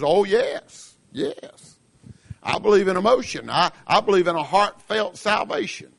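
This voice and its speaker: Southern preacher, high-pitched, fervent, shouts at peaks, mimics his listeners. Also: lively intonation, unhurried, vocal fry, pauses often. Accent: Southern American. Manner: impassioned, rising to shouts, acting out listeners' objections. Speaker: pastor. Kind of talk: radio sermon.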